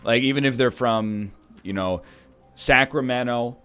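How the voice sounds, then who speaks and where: A man's voice: medium pitch, unhurried, pushed and bright, smooth, soft background music. A man from Canada giving casual gameplay commentary as a streamer, rambling with joking asides. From Canada (Ontario).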